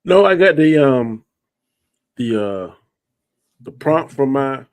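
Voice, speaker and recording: Man, podcast co-host, casual chat, folksy slang, drawn-out emphasis, mid pitch. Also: sing-song, darkish tone, smooth, dry recording.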